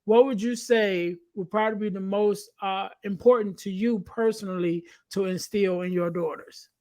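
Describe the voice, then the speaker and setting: High-voiced man host asking questions. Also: fairly even intonation, mellow. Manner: measured, lists points and checks in with "right?". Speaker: podcast host. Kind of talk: interview questions.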